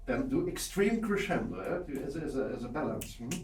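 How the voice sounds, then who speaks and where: A man coaching a piano student in a masterclass, animated and repeating short instructions, slipping into German. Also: medium pitch, fast. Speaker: piano teacher. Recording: roomy hall from a distance with piano.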